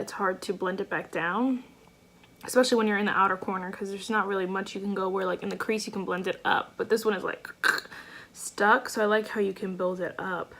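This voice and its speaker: Gushing woman beauty vlogger, gravelly fry. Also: mid-range voice, fairly bright tone, a little hiss or hum. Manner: gushing, effusive, chatty with fillers. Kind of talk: casual makeup tutorial chat.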